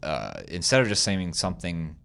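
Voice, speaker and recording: A man's voice: sits low, big pitch swings, normal speed, vocal fry, a bit bright. A man co-hosting a podcast, talking casually and hesitantly, often poking fun at himself. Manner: hesitant, self-deprecating, many fillers and restarts. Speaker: podcast co-host. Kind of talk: casual chat.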